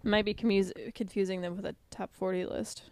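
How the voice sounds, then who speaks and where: A woman's voice: medium pitch, level tone, brisk, a little mellow, no echo. A young woman co-hosts a casual podcast, chatty and teasing. She sounds tired and foggy-headed. The sound is dry and close. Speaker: podcast co-host. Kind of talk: casual chat.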